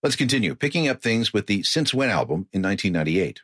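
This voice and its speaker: A man's voice: fairly low pitch, big pitch swings, quick pace, fairly bright tone. A man, the podcast host, reading a scripted introduction in an announcer-like way.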